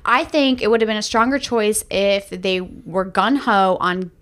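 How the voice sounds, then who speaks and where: A woman's voice: medium pitch, fairly even intonation, measured pace, a bit bright. A woman co-hosting a movie review podcast, talking through the plot in a casual, analytical way. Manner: chatty, analytical, frequent restarts. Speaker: podcast co-host.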